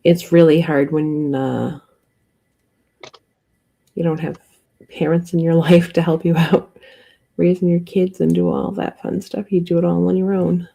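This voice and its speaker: A woman hosting a casual livestream, chatting in a relaxed way and laughing often. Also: lowish voice, measured pace, gravelly, long pauses. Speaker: livestream host. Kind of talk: casual chat.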